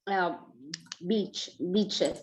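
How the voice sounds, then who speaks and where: A woman's voice: mid-range voice, very slow. A woman student answering hesitantly in an online class, on muffled audio.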